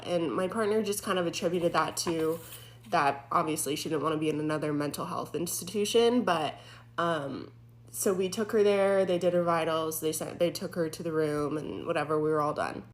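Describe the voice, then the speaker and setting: Young woman, lowish voice, chatty, filler-heavy, former EMT telling a ghost story. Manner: animated, filler-heavy retelling. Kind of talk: casual storytelling.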